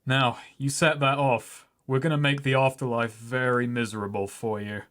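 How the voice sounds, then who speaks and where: Grim warrior for a tabletop game, calm and slow-spoken, voiced by a man. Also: medium pitch, natural voice. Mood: threatening. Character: grim male warrior, threatening.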